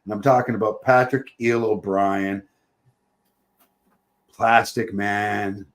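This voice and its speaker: A man's voice: on the low side, fairly even intonation, slow pace. A man hosting a podcast in casual chat, joking, rambling and laughing often. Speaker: podcast host.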